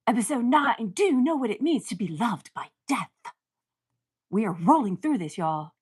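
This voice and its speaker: A woman's voice: sits high, lively intonation, moderate pace, slightly rough. A woman giving casual watch-along commentary as she reacts to a TV series, chatty, talking back at the screen and laughing often.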